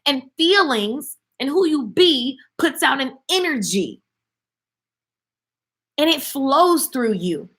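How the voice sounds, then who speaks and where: Bright, high-voiced woman preaching to viewers. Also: slow pace, pauses often. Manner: animated, preachy, talks straight to viewers. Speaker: motivational speaker and singer. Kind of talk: live-stream motivational talk.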